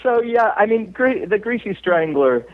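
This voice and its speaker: A man's voice: high voice, expressive, moderate pace. Man telling stories over a tinny phone line. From United States. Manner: rambling anecdotal storyteller, chuckles often. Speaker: actor guest. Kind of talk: casual interview chat.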